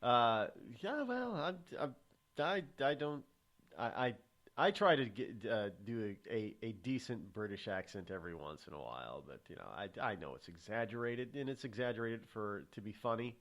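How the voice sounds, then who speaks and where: A man's voice: fairly low pitch, sing-song. A man hosting a talk show, chatting and then giving his own opinions on the news. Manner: halting restarts, then forceful opinions on the news. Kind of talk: casual talk radio commentary.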